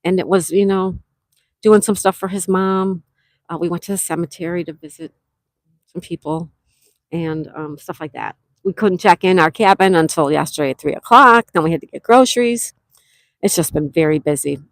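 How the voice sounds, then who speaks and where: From a campsite cabin, a Western New York woman runs a casual livestream, calling out viewers by name and reading their comments while talking. Her fairly low voice moves at normal speed with no echo.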